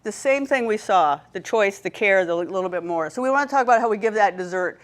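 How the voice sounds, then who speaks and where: A woman's voice: mid-range voice, animated, fast talker. A woman leading a training workshop, telling stories and checking in with her audience. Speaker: workshop presenter.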